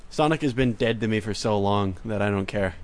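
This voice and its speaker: A man's voice: on the low side, brisk. A man co-hosting a podcast, joking sarcastically in casual chat. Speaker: podcast co-host.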